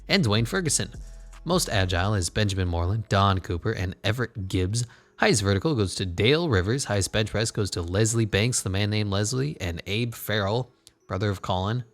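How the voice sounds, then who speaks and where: A man commentating his basketball video game in a casual, sarcastic way, swearing and muttering asides. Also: on the low side. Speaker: gaming channel host.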